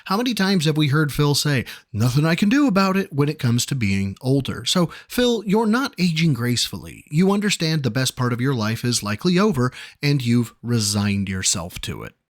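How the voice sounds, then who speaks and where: Sardonic man with a lively, mocking voice. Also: mid-range voice, normal speed, hardly any pauses. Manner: sardonic, mocking rhetorical questions. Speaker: commentary host. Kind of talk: commentary narration.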